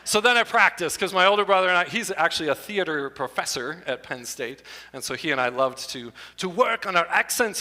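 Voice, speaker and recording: A man in his fifties doing stand-up comedy in a church hall, animated and jokey, often breaking into silly voices. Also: sits high, fairly quick, hardly any pauses. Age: 50s. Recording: echoey hall.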